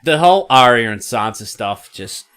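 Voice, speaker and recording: A man's voice: medium pitch, animated, normal speed, fairly bright tone, clear, resonant tone. A man, co-hosting a podcast in casual chat, recapping scenes by acting out quotes. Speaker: podcast co-host.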